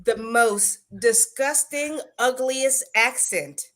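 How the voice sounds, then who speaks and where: Woman, fairly high voice, bright and forceful tone, chatty and jokey, casual live chat. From Pittsburgh, USA. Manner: chatty, jokey, quick to laugh.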